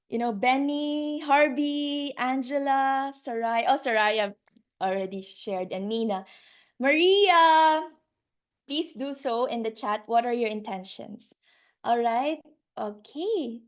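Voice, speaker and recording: Gushing woman coaching on a video call. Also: fairly high pitch. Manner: effusive, gushing, laughs often, repeats words. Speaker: life coach hosting a video call workshop.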